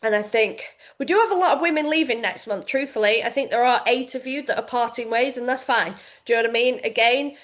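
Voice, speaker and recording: A pregnant fitness coach in her late thirties speaks with a fairly high voice. She talks straight to her members in a frank, unvarnished way and swears without a second thought. It is a casual, heartfelt chat. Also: a little fast, hardly any pauses, fairly bright tone. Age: late 30s. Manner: candid, frank, swears freely. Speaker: fitness coach and community founder.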